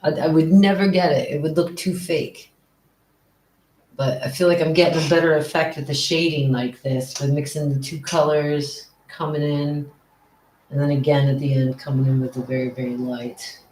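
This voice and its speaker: A live-stream painter talking casually while working, muttering to themself, repeating words as the brush moves and often dropping to soft whispers. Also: medium pitch, fairly even intonation, moderate pace, a little hiss or hum. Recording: roomy echo.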